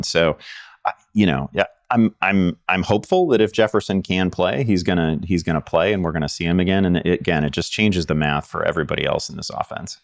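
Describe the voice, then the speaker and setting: A man's voice: sits low, dry recording, studio quality. A man co-hosting a fantasy football show, chatting casually with many restarts and laughs. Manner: rambling with frequent restarts and laughs. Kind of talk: casual sports analysis chat.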